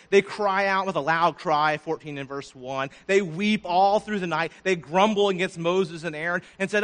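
A man preaching a sermon, his voice swelling loud and then dropping low. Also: normal speed, few pauses. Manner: preaching with sudden swells and drops in loudness. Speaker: pastor.

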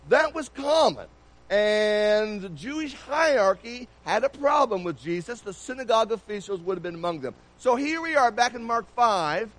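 A man's voice: high-pitched, expressive, normal speed, a bit bright, poor audio. A man preaching a sermon in a church, keeping it conversational and putting many questions to the congregation.

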